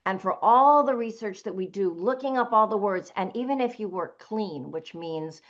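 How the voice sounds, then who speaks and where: A woman's voice: medium pitch, expressive, moderate pace. A woman audiobook narrator in a panel discussion, talking in an emphatic, opinionated way. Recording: dull lo-fi recording.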